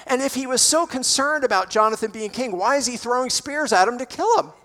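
A man preaching a sermon in a church, expressive, building to emphatic peaks. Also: extremely high pitch, brisk. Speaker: pastor. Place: church sanctuary.

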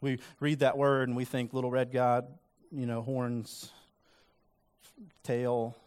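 A man's voice: mid-range voice, monotone, takes it slowly, darkish tone. A man preaching a sermon in a conversational, earnest way, acting out quoted lines with rising emphasis. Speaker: pastor.

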